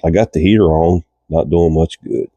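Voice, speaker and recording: Very deep, gravelly man with a chest cold. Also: moderate pace, dark tone, no echo. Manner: folksy, chatty, addresses viewers as folks. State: congested with a cold, coughing and clearing throat. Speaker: reel repair channel host. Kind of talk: casual repair tutorial. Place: cold home garage.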